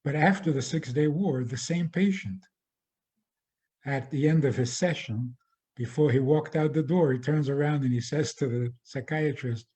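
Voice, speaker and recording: A man, a rabbi, giving a spoken lecture in a measured way, often restarting and repeating phrases. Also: a little high, warm tone.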